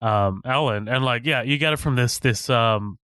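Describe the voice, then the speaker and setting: A man's voice: mid-range voice, moderate pace, a bit bright, smooth, no room sound, clean studio sound. A man co-hosting a podcast, laid-back and curious, swearing casually as he chats about a film. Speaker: podcast co-host. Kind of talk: casual movie review chat.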